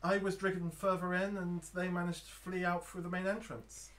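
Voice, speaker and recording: Man playing a cagey trapped woman, raised pitch, measured delivery. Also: little pitch movement, a bit bright, recorded from a distance. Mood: guarded. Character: trapped woman stranger, evasive and lying.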